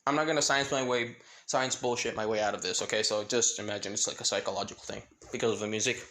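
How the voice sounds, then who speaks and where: A man's voice: fairly low pitch, steady tone, fast talker, bright, forceful tone. A man casually narrating a fan-fiction story, rambling with many fillers and side comments. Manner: rambling, filler-heavy asides.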